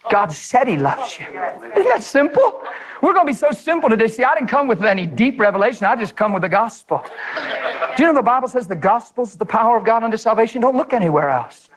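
A man preaching an energetic sermon, swinging from shouted high peaks to quiet low asides, often laughing between lines. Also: fast talker, a crowd in the background, low-quality recording.

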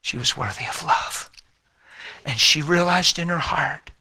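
A man telling an emotional personal faith story in an animated way, repeating words and acting out what people said. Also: a little high, unhurried, breathy edge. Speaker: speaker sharing a personal faith testimony.

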